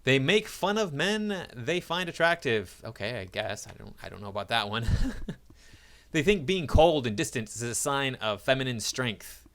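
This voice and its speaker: An opinionated man reads out a list and gives his take on each point, with frequent chuckles along the way. His voice is bright and forceful, with a middle-range pitch. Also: big pitch swings, moderate pace. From United States. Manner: opinionated, chuckles often between remarks. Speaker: commentator. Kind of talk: reading a list aloud and commenting.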